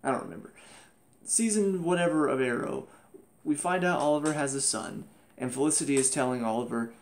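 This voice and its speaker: A man's voice: medium pitch, fairly quick. A man giving a casual spoken TV review, exasperated and ranting, mocking the characters in put-on voices.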